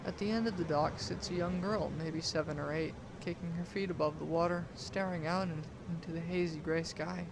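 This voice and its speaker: Young man narrating with gravelly drama. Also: fairly high pitch, steady tone, background noise. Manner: deliberate, dramatic storytelling delivery. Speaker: student storyteller. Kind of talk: dramatic first-person story narration.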